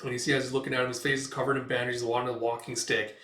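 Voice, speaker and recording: A man's voice: medium pitch, level tone, racing, a bit bright. A man casually recapping a comic in a rambling way, full of fillers. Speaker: comic reader and reviewer. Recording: roomy echo, distant mic.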